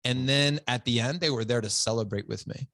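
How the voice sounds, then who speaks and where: A man's voice: medium pitch, a little fast, fairly bright tone, no echo. A middle-aged man hosting a podcast, telling stories with enthusiasm in a casual chat. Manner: enthusiastic storytelling, says "dude" a lot. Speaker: podcast host.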